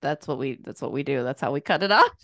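A woman in her thirties hosting a casual sports podcast, chatty and quick to laugh. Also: extremely low pitch, expressive, a bit bright, no room sound, studio quality. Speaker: podcast host and sports writer.

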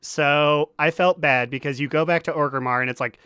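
A man co-hosting a casual gaming podcast, telling a story with lively energy and acting out characters' lines. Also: a little high, brisk, clean tone, dry recording, clean studio sound. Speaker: podcast co-host.

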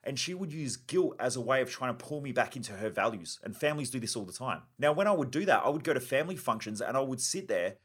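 A man's voice: medium pitch, animated, fast talker, few pauses, a bit bright, slightly rough. Blunt, driven podcast host man. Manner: blunt, driven and emphatic, with casual swearing. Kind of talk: motivational self-help monologue.

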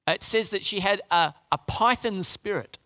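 A man preaching a sermon in an animated, conversational way, often restarting his phrases. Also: high-pitched, moderate pace.

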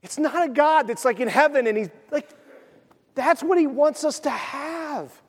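A male pastor preaching a sermon, telling stories with lively acted-out quotes. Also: very high voice, unhurried. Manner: animated storytelling, acts out quoted voices. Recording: long hall reverb.

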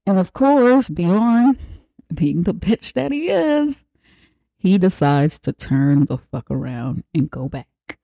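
A podcast host recapping a film in a loose, profane, storytelling way, dropping into quick voices for the characters. The voice is mellow and warm, and it sits close and dry with no room sound around it. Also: mid-range voice, big pitch swings, vocal fry, no echo. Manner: acts out characters' lines mid-story.

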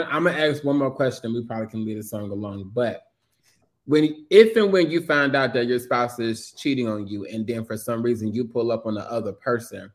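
A man co-hosting a casual podcast chat, slangy and questioning, steering the discussion. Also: mid-range voice. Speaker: co-host.

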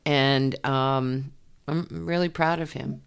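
A woman, a former athlete telling her life story in an interview, animated and laughing often. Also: very deep voice, takes it slowly, vocal fry, clean tone. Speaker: interview guest, former basketball player. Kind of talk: candid personal storytelling.

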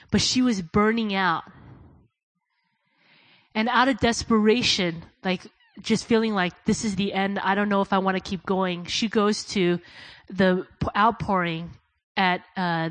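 A woman's voice: dry recording, low-quality recording. Woman preaching in a dry room. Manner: storytelling, drops soft and low for quoted prayers, rises loud when exhorting; addresses listeners as "guys". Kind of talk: sermon.

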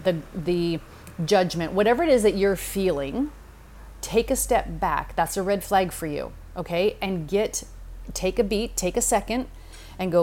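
A woman's voice: mid-range voice, darkish tone. A middle-aged woman hosting a podcast, talking through advice in a direct, conversational way and checking in with "okay?" and "right?". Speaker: podcast host. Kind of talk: casual advice talk.

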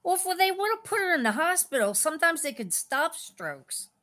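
A woman's voice: very high-pitched, sing-song, normal speed, bright, forceful tone. A middle-aged woman on a call-in faith program, telling a personal story in a rambling, tender, meandering way. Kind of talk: casual emotional storytelling.

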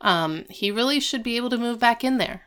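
A woman co-hosting a casual chat and recapping a TV episode in a chatty, animated way. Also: on the high side, brisk.

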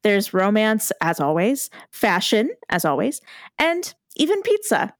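A woman's voice: medium pitch, very animated, a little slow, no echo, clean studio sound. A young woman co-hosting a casual podcast, chatting in a giggly, self-deprecating way. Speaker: podcast co-host.

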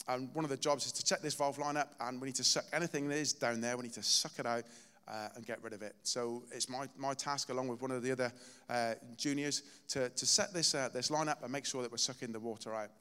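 A man's voice: mid-range voice, fairly even intonation, fast, sharp tone, clean tone. A man preaching a sermon in a church, telling personal stories in a conversational, self-deprecating way. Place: church hall. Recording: reverberant hall.

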